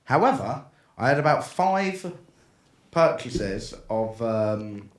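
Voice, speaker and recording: A man's voice: mid-range voice, slow pace. A young man with a British accent, co-hosting a casual podcast, laughing as he tells a long story and acting out the other people in it. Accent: British English. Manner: animated, laughs through his own story, acts out voices. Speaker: podcast co-host.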